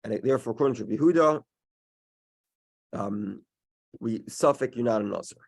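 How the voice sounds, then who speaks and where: A man leads a Talmud study class, talking through each case slowly and carefully. He stops and restarts his sentences often as he works out the reasoning aloud. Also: medium pitch, creaky. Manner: halting, many restarts, explains step by step. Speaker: Talmud teacher. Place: in-person class also streamed online.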